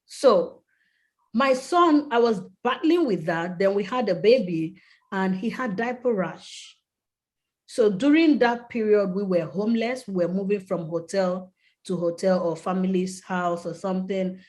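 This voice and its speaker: A woman speaks as a podcast guest at a middle pitch, recounting a hard stretch of her life in earnest, vivid detail. She tells it with feeling and slips into a raised voice to act out the people she quotes. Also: a little slow, darkish tone. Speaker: podcast guest, skincare brand founder. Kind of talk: personal storytelling in a podcast interview.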